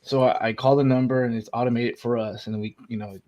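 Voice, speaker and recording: A man's voice: mid-range voice, steady tone, fast, mellow, muffled recording. A man on a podcast telling a rambling story, laughing as he goes. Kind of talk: casual storytelling.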